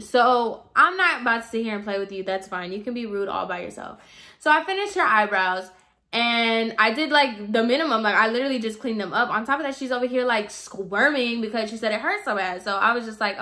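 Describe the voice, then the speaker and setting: A woman's voice: fairly high pitch, lively intonation, a little fast, sharp tone. A young woman telling a chatty, exasperated story about a difficult salon client, full of "like" and "girl". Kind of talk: casual storytime vlog.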